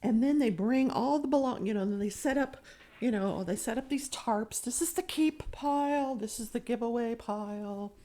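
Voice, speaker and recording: Slightly high-pitched with a dark tone, this woman speaks at a normal speed. She's a crafting vlogger chattering about a diamond painting as she works, wandering off topic and teasing herself.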